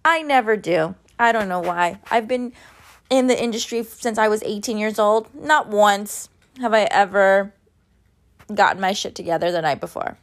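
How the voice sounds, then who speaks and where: This vlogger, a woman in her mid-thirties, chats casually at home to her viewers with kitchen sounds around her, swearing freely as she rants. Her voice is medium-pitched at a moderate pace.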